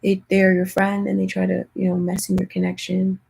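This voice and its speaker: A young woman tarot reader chatting casually with viewers in a hushed, half-whispered voice, often calling out to them directly. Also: medium pitch, completely flat delivery, brisk, gravelly, slightly rough, rough recording. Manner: chatty, keeps addressing viewers as "you guys". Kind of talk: casual livestream tarot chat.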